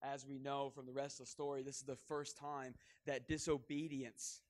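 A man's voice: mid-range voice, little pitch movement, normal speed, darkish tone. A man preaching a sermon, joking and self-mocking as he addresses the church. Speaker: pastor.

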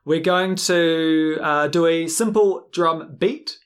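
A man's voice: a little high, slow pace. A man co-hosting a casual chat about music and dance, explaining in a loose, restarting way. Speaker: podcast co-host.

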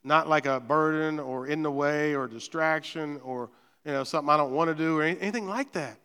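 A man's voice: on the high side, brisk, pushed and bright, clear, resonant tone, long reverb tail. A man preaching a sermon in a conversational, repetitive way, often asking "right?". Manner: conversational, repeats words, frequent "right?". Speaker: pastor. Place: church sanctuary.

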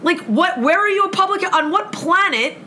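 A woman with a high, bright, forward voice recounts a confrontation in casual conversation. She swears constantly and acts out both sides of the argument with great energy. Faint background noise sits under her voice. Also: lively intonation, moderate pace. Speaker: guest telling a story. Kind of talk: heated storytelling in casual chat.

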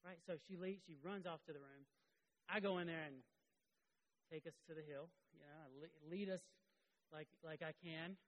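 A middle-aged man giving a sermon as a pastor, earnest, moving between loud emphasis and quiet confession. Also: fairly high pitch, fairly even intonation, normal speed, muffled recording.

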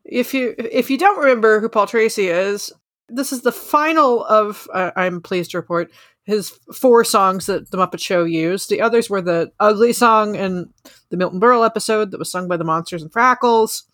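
A woman's voice: medium pitch, fairly bright tone, dry recording, studio quality. A woman hosting a podcast in casual chat, who often stops and thinks aloud mid-sentence. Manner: halting, thinks aloud with many fillers. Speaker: podcast host.

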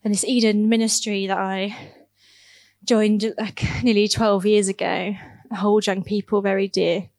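A woman speaks to her church about her youth ministry work. She tells stories in a casual, earnest way, with quick laughs and lots of "like". Her voice is mid-pitched and recorded dry and close. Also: little pitch movement, darkish tone, dry recording. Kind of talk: church talk, personal storytelling.

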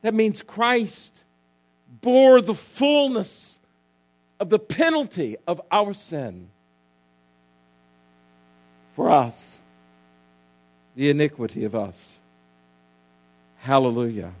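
Man, pastor, sermon, high voice, emphatic, faint hum. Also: sing-song, slow, long pauses. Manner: emphatic preaching, repeats key words, asks congregation to respond.

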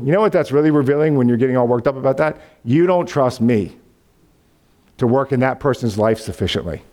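Animated male preacher with a lively voice. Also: mid-range voice, brisk. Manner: animated storytelling, acts out voices of God and Abraham, laughs. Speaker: pastor. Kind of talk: sermon.

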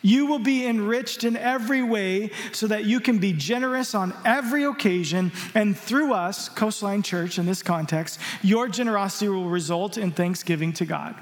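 High-voiced preacher man in a reverberant hall. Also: moderate pace, hardly any pauses. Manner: emphatic, exhorting preacher. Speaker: pastor. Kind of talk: sermon.

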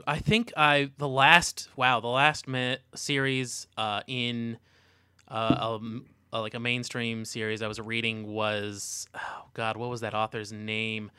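A man's voice: mid-range voice, level tone, a little slow, sharp tone, clean tone, no echo. A young man, a guest on a casual comics podcast, talking hesitantly with many fillers and trailing-off restarts. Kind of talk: casual chat about comics.

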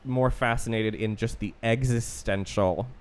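Low-voiced man recapping a film casually. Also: measured pace, smooth. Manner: loose, profane retelling of a plot with many restarts. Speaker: podcast co-host.

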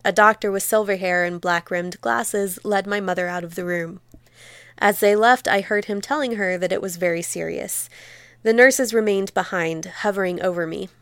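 A female teacher reads a memoir aloud in a smooth, clear, mid-range voice. Her delivery is measured and expressive, and the sound is dry and close.

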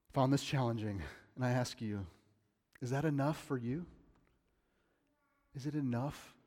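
A man preaching in a church sanctuary, his voice sitting a bit higher than most men's. He keeps it conversational and friendly, then builds into emphatic, rising phrases. The sound rings with a long hall reverb. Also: darkish tone. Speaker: pastor. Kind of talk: sermon.

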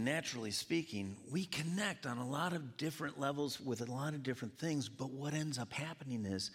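In a church sanctuary with long hall reverb, a pastor with a husky, mid-range voice preaches to his congregation. His delivery is lively and conversational, full of banter with the audience.

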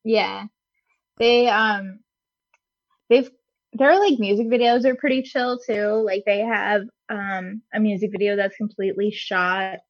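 A woman's voice: mid-range voice, steady tone, unhurried, dry recording, dull audio. A woman in her thirties co-hosting a podcast in casual chat, laid-back and full of fillers. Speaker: podcast co-host.

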